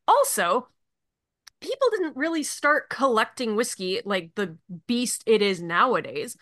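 Animated, bright-voiced woman ranting on a podcast. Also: on the high side, dry recording, studio quality. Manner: profane, ranting, laughs often. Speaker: podcast co-host. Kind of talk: casual podcast chat.

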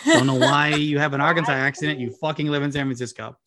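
A man's voice: on the high side, steady tone, fast, pushed and bright. A man ranting in casual chat, exasperated, emphatic and sardonic about pronunciation. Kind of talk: casual rant.

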